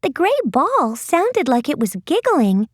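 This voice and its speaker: A woman narrating an audiobook in a gentle, expressive storytelling voice. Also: high voice, slow pace, no room sound, clean studio sound. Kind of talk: scripted narration.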